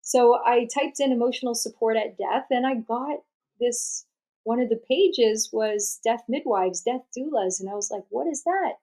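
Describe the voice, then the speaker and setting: A woman, a podcast guest telling a personal story in a chatty, animated way and laughing often. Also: fairly high pitch, moderate pace. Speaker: podcast guest, death doula. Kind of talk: storytelling in an interview.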